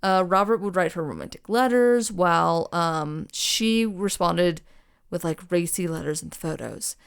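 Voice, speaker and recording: A woman's voice: on the low side, unhurried, vocal fry, clear, resonant tone. A young woman co-hosting a podcast, casually retelling a true crime story with lots of ums, restarts and swearing. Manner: rambling, swears freely, frequent ums and restarts.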